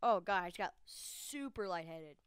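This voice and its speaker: A woman giving casual, excitable commentary while she plays a video game. She is chatty, jumps from yelps to low mutters, and often talks to her viewers. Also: moderate pace, smooth, dry recording, studio quality. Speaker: gamer hosting her own channel.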